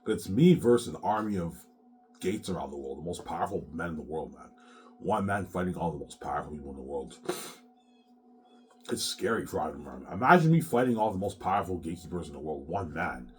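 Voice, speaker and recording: A man's voice: low voice, lively intonation, brisk, darkish tone, slight background noise. A sick, coughing man hosting his own show in a rambling, profane monologue that keeps coming back to "man". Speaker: solo show host.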